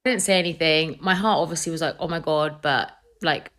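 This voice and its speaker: A woman's voice: low-pitched, a little fast, a bit bright. A young woman with a British accent, telling a personal story in a chatty vlog. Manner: chatty storytelling with acted-out quotes.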